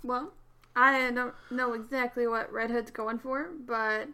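A woman playing a tabletop game, making quick, upbeat remarks about her moves. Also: fairly high pitch, little pitch movement, sharp tone. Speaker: player. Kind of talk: casual tabletop game play.

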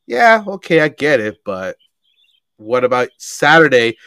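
A man's voice: medium pitch, a little slow, clear, resonant tone, dry recording. A young man co-hosting a podcast, chatting casually with friends, swearing freely and laughing often. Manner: profane, laughing, animated storytelling. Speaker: podcast co-host. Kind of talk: casual chat.

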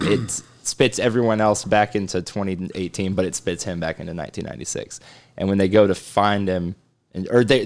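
A man in casual podcast chat who jokes, swears and retells movie scenes. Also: lowish voice. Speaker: podcast co-host.

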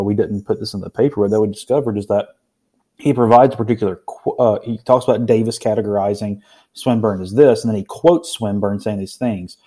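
A man, a guest co-author, in casual academic discussion, measured but trailing into hesitant restarts when puzzled. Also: lowish voice, dark tone.

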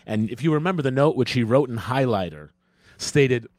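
A man's voice: medium pitch, quick pace. A young man co-hosting a comedy podcast tells loose, rambling stories into a close podcast microphone. His voice moves up and down a lot, and the room adds no echo. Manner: rambling, animated storytelling. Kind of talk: casual comedic chat.

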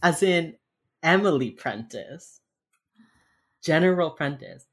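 A woman with an unusually low-pitched voice chats casually as a podcast co-host. She rambles with lots of fillers, swears freely and slips into acted-out quotes. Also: animated, takes it slowly. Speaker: podcast co-host recapping a TV episode. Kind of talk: casual chat.

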